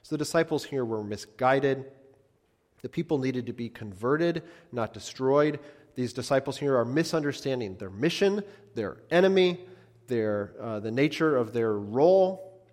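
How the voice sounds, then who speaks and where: A man preaching a sermon as a pastor, earnest, often repeating phrases for emphasis and swinging between loud and soft. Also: medium pitch, lively intonation, moderate pace, long reverb tail.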